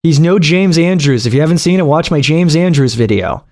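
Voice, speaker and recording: A man hosts a reaction video in loose, casual commentary. He is sarcastic and profane, mocking whatever he is watching. His voice sits somewhat high. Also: expressive, fairly quick, darkish tone.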